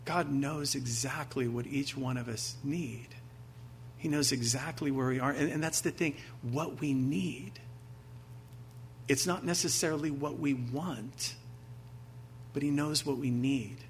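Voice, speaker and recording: A man's voice: medium pitch, unhurried, slight background noise. A man preaching a sermon, reading scripture aloud with emphasis and asking his listeners rhetorical questions in a conversational way. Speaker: pastor.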